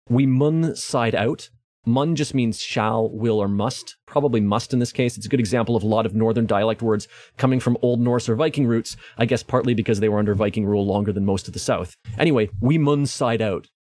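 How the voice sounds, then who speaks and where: A man's voice: lowish voice, brisk, darkish tone, no echo. A man from Canada hosting a podcast, musing casually about old dialect words with frequent ums and uhs. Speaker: podcast host. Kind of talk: casual book discussion.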